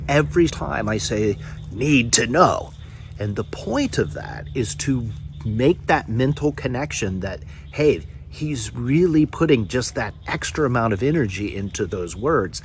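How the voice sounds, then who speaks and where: A man teaching as a corporate trainer, talking to the camera and stressing key words with deliberate pauses. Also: lowish voice, slight background noise. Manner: emphatic, varies volume and pauses for effect. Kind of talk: instructional talk to camera.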